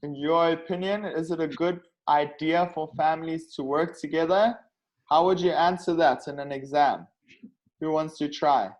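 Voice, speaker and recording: A man's voice: fairly high pitch, fairly even intonation, moderate pace, rough recording. A man teaching an online English speaking class, patient and repetitive, checking in with the students after nearly every sentence.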